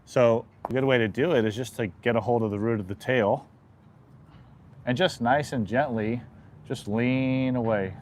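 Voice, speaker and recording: A man working as an equine chiropractor, calmly explaining a hands-on demonstration with a horse and softly soothing it. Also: medium pitch, normal speed, a little hiss or hum.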